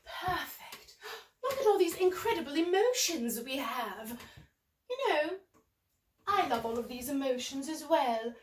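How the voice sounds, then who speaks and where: A woman's voice: high-pitched, sing-song, unhurried, a little hiss or hum. A woman playing a cheerful, prim English nanny with an English accent, hosting a children's storytime in character, full of gasps and exclamations and coaxing young viewers at home. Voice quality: bright, gasping, exclamatory, full of "oh"s. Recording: roomy echo, voice from a distance.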